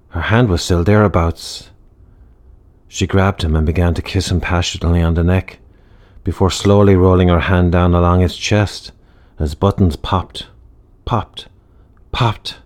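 A man narrating a dark comic story in a wry, measured storybook style. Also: deep voice.

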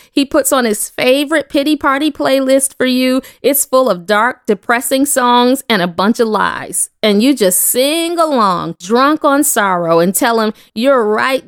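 Earnest lady doing a devotional, kinda high voice, asks the listener stuff, dry recording. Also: no room sound. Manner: earnest, with rhetorical questions to listeners. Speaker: devotional speaker. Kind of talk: devotional teaching.

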